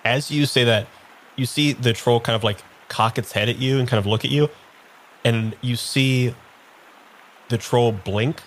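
A man's voice: medium pitch, a bit bright, a little hiss or hum. A man narrating as game master of a tabletop game, in a loose, filler-heavy way.

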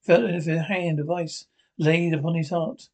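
A man narrating a classic novel as an audiobook, reading in a steady, measured way. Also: fairly high pitch, low-quality recording. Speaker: reader.

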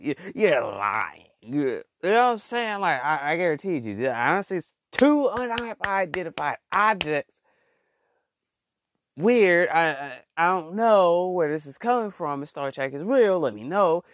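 A man vlogging in a casual monologue who stammers and repeats words, talks in slang and calls his listeners y'all and bro. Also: a little high.

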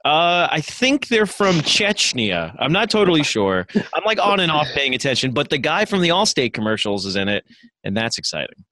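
Lively, wisecracking podcast co-host man. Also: on the high side, normal speed, dry recording. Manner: wisecracking, profane, laughing. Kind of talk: casual comedic banter.

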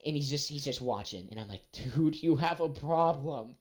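Young guy ranting a story to his buddy, voice jumps all over when he does quotes. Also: normal speed. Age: young adult. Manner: animated, acts out quotes with big pitch jumps. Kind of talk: casual storytelling chat.

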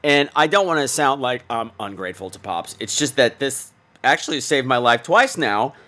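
A man's voice: medium pitch, lively intonation, moderate pace, sharp tone. A man in his thirties hosting a podcast, telling a campy comic story with lots of mock voices. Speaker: podcast host. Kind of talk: comic monologue.

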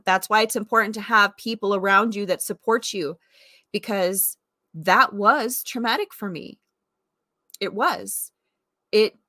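A woman's voice: medium pitch, pushed and bright, no echo, clean studio sound. A woman in her forties gives a reflective personal testimony in an earnest, conversational way, full of fillers. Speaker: vlogger sharing faith testimony.

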